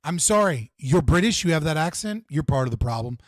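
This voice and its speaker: A man's voice: fairly high pitch, animated, a little fast, no echo, studio quality. A man hosting a live stream, ranting in a heated, profane way and repeating himself for emphasis. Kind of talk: livestream political rant.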